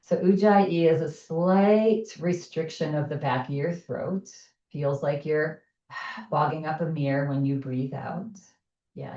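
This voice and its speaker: Woman yoga teacher, low voice, slow gentle cues, echoey room, distant muffled mic. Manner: gentle, soothing, unhurried cues. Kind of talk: guided chair yoga instruction.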